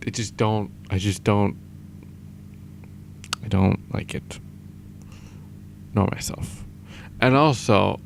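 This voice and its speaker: A young man talking in a downcast, halting, self-deprecating way in a confessional audio diary. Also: low-pitched, creaky, a little hiss or hum. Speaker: vlogger.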